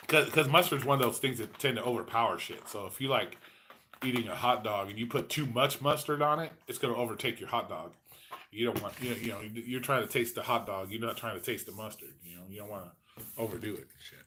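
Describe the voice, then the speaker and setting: A man's voice: lowish voice, quick pace, sharp tone, slight background noise. Male host, forties, casual, foul-mouthed, rambling chat delivery. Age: 40s. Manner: profane, rambling storyteller.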